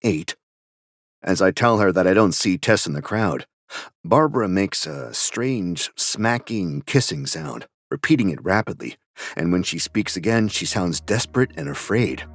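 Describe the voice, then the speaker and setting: An actor playing an uneasy young man narrating a tense scene in an audio drama, in a watchful, measured way. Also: low voice, lively intonation, no echo, studio quality, full character voice. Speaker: narrating character.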